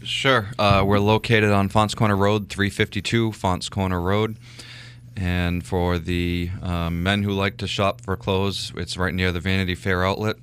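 A man's voice: sits low, little pitch movement, measured pace, fairly bright tone, smooth. A man from a financial firm speaking on a radio show, plain and matter-of-fact. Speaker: financial firm staff member on air. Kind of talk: radio talk show chat.

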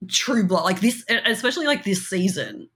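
Here a female podcast co-host chats casually, her mid-range voice fairly bright and lively in intonation at a moderate pace. She rambles with many fillers and giggles a lot.

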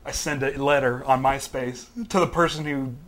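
A man's voice: medium pitch, fairly even intonation, moderate pace, fairly bright tone. A young man, a married guest co-host on a podcast, chatting casually and reacting with short remarks and laughs. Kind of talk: casual chat.

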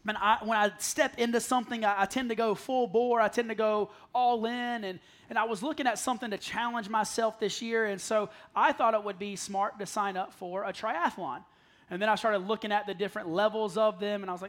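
A man preaching a sermon to a congregation, telling stories with self-deprecating humor and acting out the voices he quotes, sometimes dropping to a soft plea. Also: high voice, steady tone, normal speed. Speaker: pastor. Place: church sanctuary with congregation.

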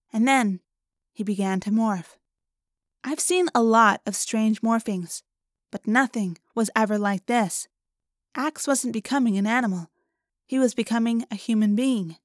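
A woman reading a first-person audiobook in a clear, even storytelling manner. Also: fairly high pitch, no echo, studio quality. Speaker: audiobook narrator.

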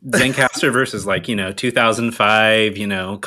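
A man's voice: on the low side, normal speed, pushed and bright. A man on a podcast, joking and teasing in casual self-mocking banter. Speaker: podcast guest. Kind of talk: casual chat.

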